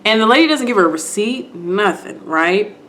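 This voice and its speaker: Chatty, animated woman vlogger. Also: medium pitch, moderate pace, a little hiss or hum. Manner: chatty, slangy, animated, addresses viewers directly. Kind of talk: casual show recap.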